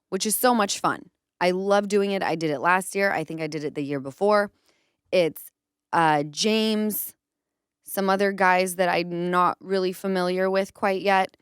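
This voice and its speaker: A woman in her thirties hosts a casual podcast, telling a story and putting on other people's voices as she goes. Her voice is smooth and clear, at a middle pitch, and it sits close in a dry room. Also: no echo. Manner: animated storytelling, acts out quotes. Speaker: podcast host.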